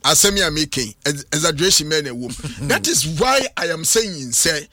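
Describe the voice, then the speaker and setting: A man with a Ghanaian accent arguing emphatically as a pundit in a studio sports debate, sometimes shouting. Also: fairly high pitch, brisk, no room sound. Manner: animated, emphatic, bursts into shouting.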